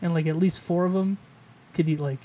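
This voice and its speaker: Podcast guy telling a story, husky, lots of cussing, super casual. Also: a little high, steady tone, fairly quick, darkish tone. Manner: profane, storytelling, does silly put-on voices. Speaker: podcast co-host. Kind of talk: casual chat.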